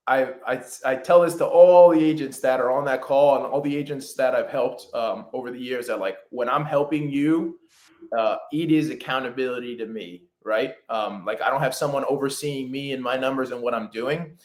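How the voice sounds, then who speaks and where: A man who calls himself a fast talker, a real estate script trainer, chatting casually in an interview with many fillers and restarts. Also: mid-range voice, darkish tone. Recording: roomy echo.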